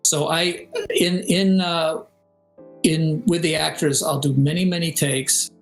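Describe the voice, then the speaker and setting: A man's voice: on the high side, a little slow, soft background music, rough recording. An older man, a game composer and audio director, talking casually in an interview. He tells stories with energy, sings melodies and imitates voices. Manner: animated storyteller, sings melodies and mimics voices. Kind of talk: casual interview over video call.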